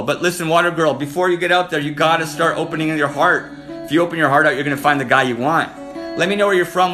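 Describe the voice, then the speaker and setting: Man live-streamer, slightly high voice, flirty and teasing, clear guitar music behind. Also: bright, forceful tone. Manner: flirty, teasing, rapid-fire comments to viewers. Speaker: livestream host. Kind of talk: casual live-stream chat with viewers. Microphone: phone.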